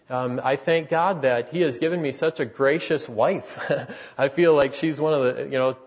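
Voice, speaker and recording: A man in his thirties preaching a sermon in an earnest, halting way, with many restarts and fillers. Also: medium pitch, slightly rough, muffled recording.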